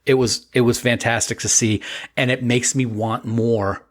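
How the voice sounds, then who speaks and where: A man's voice: medium pitch, steady tone, normal speed. A man co-hosting a casual podcast chat, joking around and rambling with restarts. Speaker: podcast co-host.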